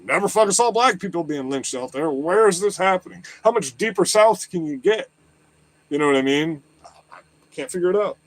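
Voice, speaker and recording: High-voiced man ranting, swearing nonstop. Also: animated, moderate pace, dry recording. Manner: agitated, swears constantly, repeats questions. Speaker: livestream host. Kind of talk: profane political rant. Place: lives in southwest Florida.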